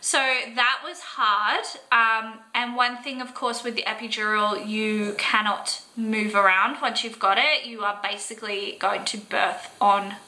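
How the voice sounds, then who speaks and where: Woman, young, Australian accent, vlogger, personal story, emotional, very bright voice. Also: fairly high pitch, steady tone, measured pace, hardly any pauses, poor audio. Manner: earnest, emotional, fillers like "like" and "um".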